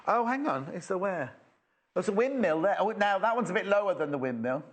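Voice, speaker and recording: A man's voice: sits high, sing-song, brisk. A man presenting fabrics live on a shopping channel, chatty and rambling as he exclaims over each one. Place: TV shopping studio.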